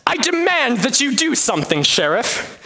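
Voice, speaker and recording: A man's voice: extremely high pitch, very animated, moderate pace, vocal fry, pushed and bright, full character voice. A man playing a whiny, helpless prince who whines out demands. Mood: whining. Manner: whining, demanding.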